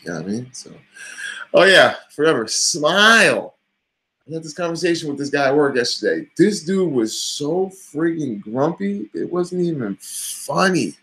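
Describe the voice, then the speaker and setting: A man's voice: mid-range voice, fairly bright tone, rough recording. A middle-aged man vlogging casually, giving a blunt, profane pep talk. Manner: blunt, swears freely, motivational pep talk. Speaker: vlogger and coach. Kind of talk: casual talking-head vlog.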